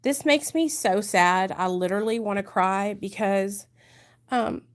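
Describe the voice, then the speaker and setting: A woman's voice: mid-range voice, measured pace. A woman from the United States, a vlogger speaking candidly and with emotion to her viewers in a confessional vlog.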